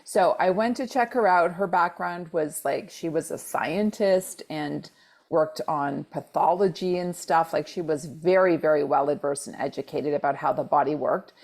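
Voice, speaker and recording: A woman in her forties telling a personal story on a podcast in a casual, animated way. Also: sits low, normal speed. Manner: animated, acts out quoted dialogue with repeated exclamations. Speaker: podcast co-host.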